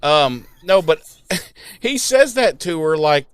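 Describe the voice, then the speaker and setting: A man with a fairly high, smooth and resonant voice, recorded close and dry. He tells a story casually and animatedly, jumping into mocking voices for the people in it and swearing freely. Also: sing-song, slow, no echo. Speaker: podcast host. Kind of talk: casual episode recap.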